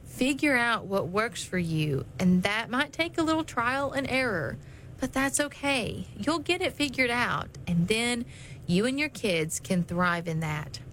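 A middle-aged mother giving calm, reassuring advice about homeschooling in a scripted talk. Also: medium pitch, a little hiss or hum, rough recording.

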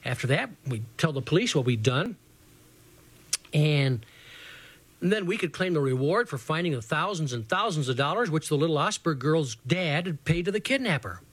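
A middle-aged man reading a children's adventure story aloud in a lively, boyish first-person voice. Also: fairly high pitch, normal speed, slightly rough, no room sound.

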